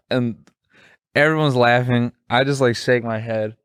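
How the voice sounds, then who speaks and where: A comedian co-hosting a podcast, telling a story in casual chat, rambling with lots of fillers and restarts. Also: male voice, mid-range voice, steady tone, a little slow, a bit bright, smooth, dry recording, studio quality. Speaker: podcast co-host; stand-up comedian.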